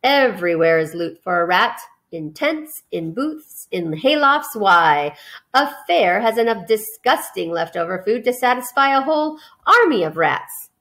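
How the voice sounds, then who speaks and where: An old sheep , played by a woman reader, spins a long, tempting list with relish. The voice stays close to a plain reading voice, lively and persuasive. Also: mid-range voice, a little slow.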